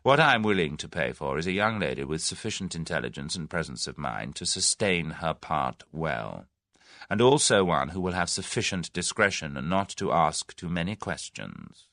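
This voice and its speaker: A man's voice: sits low, sing-song, normal speed, vocal fry, sharp tone, no room sound, studio quality, exaggerated voice. A man doing a suave scheming businessman. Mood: persuasive. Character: smooth, scheming middle-aged businessman, genial then menacing.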